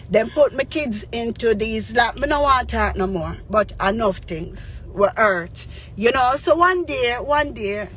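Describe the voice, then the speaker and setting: A woman with a Jamaican accent tells a personal story in a mid-pitched voice. She is earnest and heartfelt, slips between Patois and English, and keeps checking in with her listeners. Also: a bit bright, a little hiss or hum. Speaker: radio DJ and spiritual advisor.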